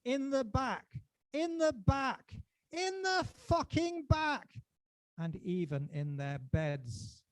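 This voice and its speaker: A man from England performing his own poetry at a book launch, impassioned and rising toward shouting, then chatting in a self-deprecating way between poems. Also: a little high, no echo. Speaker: poet.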